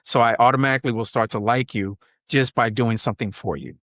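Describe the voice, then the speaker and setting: A man's voice: medium pitch, fast talker, a bit bright, no room sound. Trainer guy talking as a guest, sincere and affirming, dry close mic. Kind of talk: casual interview talk.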